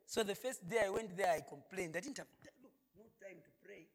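A man preaching a sermon, swinging between shouted points and hushed storytelling. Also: sits high, a little fast. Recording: echoey hall reverb.

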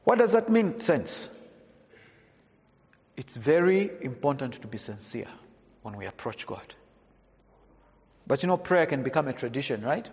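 A male pastor preaches a sermon in a church. He swings between hushed, low passages and raised, emphatic preaching. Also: very animated, a little slow, long pauses. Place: church hall. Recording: long hall reverb.

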